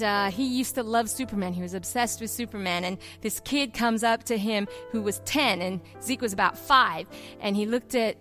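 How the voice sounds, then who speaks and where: A middle-aged woman pastor preaching a sermon, telling personal stories in an animated way and acting out the voices she quotes. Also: mid-range voice.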